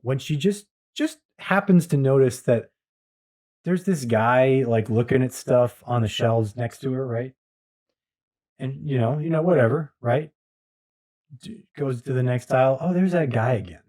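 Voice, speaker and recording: A man's voice: mid-range voice, a little slow, a little mellow. A man co-hosting a podcast, casually retelling a funny story in a rambling way with lots of fillers. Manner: rambling, lots of "like" and "you know", laughs at his own story. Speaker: podcast co-host.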